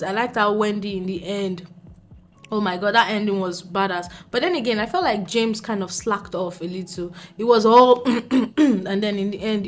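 Animated young woman ranting about books. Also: medium pitch. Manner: animated ranting, laughing, shifting from quiet to loud. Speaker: book vlogger. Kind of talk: casual reading wrap-up. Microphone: camera mic.

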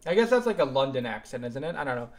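A young man streaming live gameplay and chatting with viewers, excitable and suddenly louder when something happens. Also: medium pitch, quick pace.

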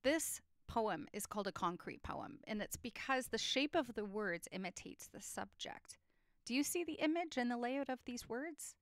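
A woman teaching a lesson on poetry structure, explaining clearly and reading poems aloud with feeling. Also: fairly high pitch, lively intonation, normal speed, dry recording, clean studio sound.

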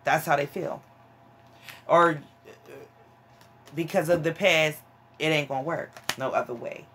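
A woman's voice: low-pitched, a little slow, fairly bright tone, a little hiss or hum. A woman giving a casual tarot reading to her viewers, frank and emphatic, calling them honey and child. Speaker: tarot reader.

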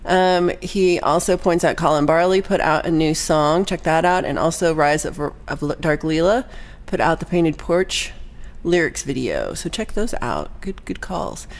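A chatty woman from Texas hosting a live music stream, her voice sitting slightly low for a woman. She talks in a bubbly, easygoing way, tossing off quick asides and laughing often as she greets viewers one by one. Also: animated. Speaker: livestream musician hosting a weekly song show. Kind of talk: casual chat greeting livestream viewers.

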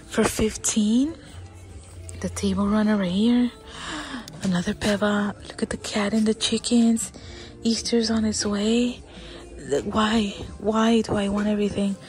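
Woman, unhurried delivery, whispery excitement, store-aisle phone vlog with light background music. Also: mid-range voice. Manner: slow, excitable, often drops to a whisper. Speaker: vlogger. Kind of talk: casual shopping vlog. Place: inside a large store.

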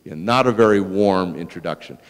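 A man with a fairly low voice tells a story to a museum audience, lively and anecdotal, often checking in with the crowd. His voice carries a long reverb from the large hall. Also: a little fast, clean tone. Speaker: museum lecturer. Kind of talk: storytelling public lecture.

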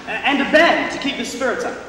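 A young New Zealand man plays a jittery young corporal relaying orders, halting and polite, in a fairly high voice. The sound carries from far off in a big echoing hall with a faint hiss. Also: bright, forceful tone. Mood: hesitant. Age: young adult. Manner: hesitant, polite, stammering. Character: nervous, dutiful young male signals corporal. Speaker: stage actor. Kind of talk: school stage play. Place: school theatre stage. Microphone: distant audience recorder.

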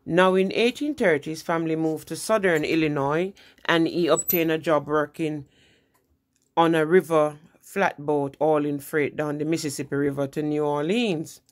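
A woman's voice: low voice, steady tone, moderate pace. Chatty woman. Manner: conversational, with frequent restarts and "you know". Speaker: presenter. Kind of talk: informal history lesson.

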